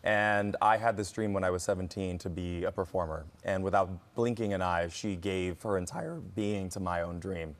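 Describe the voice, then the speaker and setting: A man's voice: low-pitched, normal speed, few pauses. A man, an actor guest, animatedly telling stories in a morning TV studio interview, laughing often. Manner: animated, expressive storyteller who laughs often.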